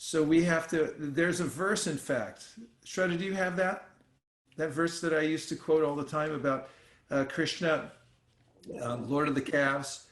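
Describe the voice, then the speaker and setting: A man giving a scripture class as a spiritual teacher, telling stories in a musing, halting way with fillers. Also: fairly high pitch, fairly bright tone, echoey room.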